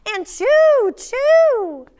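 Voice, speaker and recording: A woman's voice: extremely high pitch, very animated, drawn-out words, voice pushed up, full character voice. A woman performing a fussy, domineering mother lecturing her grown son about table manners, in a theatrical scolding delivery. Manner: scolding, loud and emphatic.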